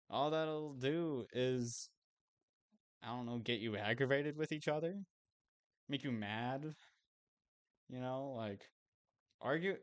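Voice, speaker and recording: A man's voice: medium pitch, clean tone. A young man chatting casually while streaming a game, rambling and self-amused, swearing now and then.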